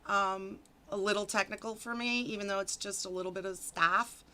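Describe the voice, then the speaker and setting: A woman's voice: mid-range voice, steady tone, normal speed, bright, forceful tone, slight background noise. A woman hosting a casual live stream, giggling often and greeting viewers in the chat by name. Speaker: stream host.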